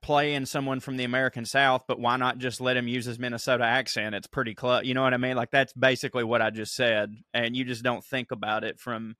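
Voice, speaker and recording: A Georgia man with a Southern accent chatting as a podcast co-host, jumping in with eager agreement. His voice is bright and forward, recorded dry and close. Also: medium pitch, level tone, brisk, hardly any pauses, no room sound. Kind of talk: casual chat.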